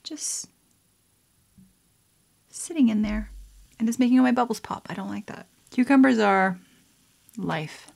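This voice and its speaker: A woman's voice: a little high, measured pace, creaky, long pauses, darkish tone. A young woman vlogging casually while she mixes a drink, chatty and playful, with frequent laughs and asides.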